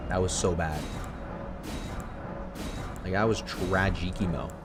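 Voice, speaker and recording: A very deep-voiced man talks over his own speedrun footage, quick to mock himself and swear when things go wrong. Game music plays clearly under his voice. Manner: excitable, self-mocking, swears freely. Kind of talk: casual gameplay commentary.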